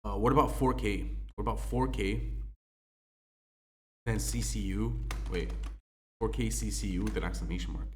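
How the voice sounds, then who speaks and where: A man's voice: on the low side, normal speed, long pauses. A young man casually testing game codes, spelling them out letter by letter, with many ums and uhs. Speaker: gaming YouTuber. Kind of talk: casual game code walkthrough.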